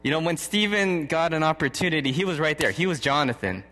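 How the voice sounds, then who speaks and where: Animated man preaching in a reverberant hall. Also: a little high, fast. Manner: conversational, chuckles often, restarts sentences. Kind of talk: sermon with personal anecdotes.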